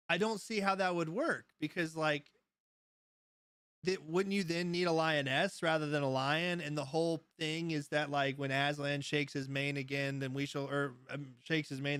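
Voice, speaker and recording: A man's voice: fairly high pitch, fairly even intonation, moderate pace, a bit bright, smooth, no echo, studio quality. Chatty laughing man live-streaming. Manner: rambling storyteller, laughs often, answers chat. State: high. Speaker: livestream host. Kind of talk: casual live-stream chat.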